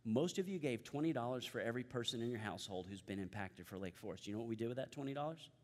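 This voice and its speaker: A man's voice: medium pitch, expressive, rapid-fire, darkish tone. Man preaching a sermon in a reverberant hall. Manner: emphatic, repeats key phrases, leads congregation in recitation. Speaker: pastor.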